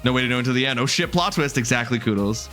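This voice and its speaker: A man's voice: mid-range voice, racing, bright, forceful tone, faint music behind. A young adult man live-streaming a game, chatting casually with his viewers, greeting them by name and joking as he trails off mid-sentence.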